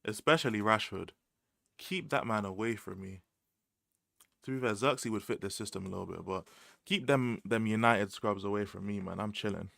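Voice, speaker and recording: A man's voice: fairly low pitch, normal speed, gravelly, fairly bright tone, dry recording, studio quality. A young man with a London accent, chatting casually on a livestream, full of slang and repeated phrases, laughing often. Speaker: livestream host. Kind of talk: casual livestream chat about football.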